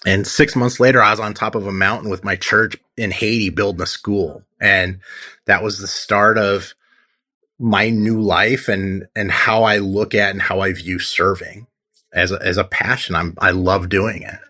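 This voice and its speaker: Bright-voiced man telling his story. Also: lowish voice, flat delivery, normal speed. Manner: earnest storytelling, acts out his own past lines. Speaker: guest, tattoo artist. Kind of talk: personal testimony in an interview.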